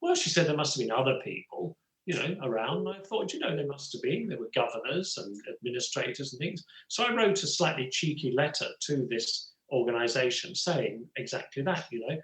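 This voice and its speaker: Casting: older English actor, chatty raconteur, mid-pitched, recorded with room echo. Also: male voice, expressive, fairly quick. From England. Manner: rambling, full of "you know" asides. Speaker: guest actor and writer. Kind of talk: relaxed storytelling conversation.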